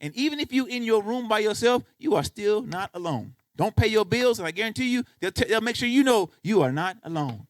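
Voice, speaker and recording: A pastor preaches in church, speaking directly to the congregation in a conversational style and hammering his points home with repeated questions and emphatic cries of "guess what." His high-pitched voice is animated and a little fast, with few pauses and no echo.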